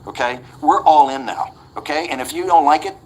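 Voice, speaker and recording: Fast-talking blunt man in his sixties. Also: fairly high pitch, a little mellow, a little hiss or hum, poor audio. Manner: blunt, combative, restarts and repeats words. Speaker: interview guest. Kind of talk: animated interview storytelling.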